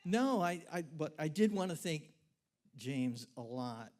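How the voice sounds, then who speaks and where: A man joking deadpan on stage in front of a live audience. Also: fairly high pitch, a little slow. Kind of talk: stage banter.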